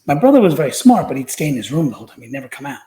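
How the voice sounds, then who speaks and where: A man's voice: on the high side, very animated, racing, dark tone, reverberant, poor audio. A man, a podcast guest, telling stories from his school years in a rambling, casual way, full of fillers and restarts. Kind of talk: casual storytelling.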